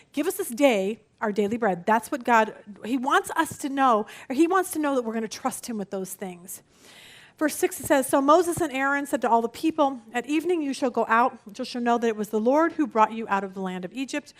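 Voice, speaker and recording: Woman Bible study teacher, high-pitched, animated, plays out quotes. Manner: animated, laughs easily, acts out quotes.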